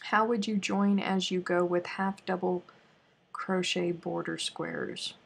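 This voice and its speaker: A middle-aged Southern woman hosts a crochet live stream, chatting to viewers in an unhurried drawl. Her voice sits a little low and has a gravelly, creaky edge. Now and then she drops to counting stitches under her breath. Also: fairly even intonation. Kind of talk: casual live stream chat while crocheting.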